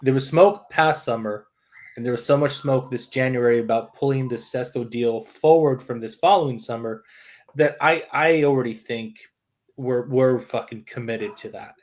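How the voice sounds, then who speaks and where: A man's voice: medium pitch, moderate pace. A man co-hosting a casual football podcast, talking bluntly and swearing freely as he chats. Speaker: podcast co-host. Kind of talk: casual chat.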